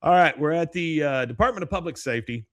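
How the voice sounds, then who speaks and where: A man's voice: fairly high pitch, animated, fast talker, fairly bright tone, no echo, clean studio sound. Casual man recapping a show. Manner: retells scenes loosely, filler-heavy. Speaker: podcast co-host.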